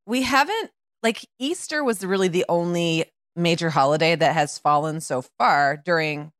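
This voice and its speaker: A middle-aged woman co-hosting a parenting podcast, her voice croaky, rambling and searching for words as she chats. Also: lowish voice, moderate pace, a bit bright, no echo, studio quality. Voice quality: croaky in the morning. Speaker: podcast co-host. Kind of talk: casual podcast chat.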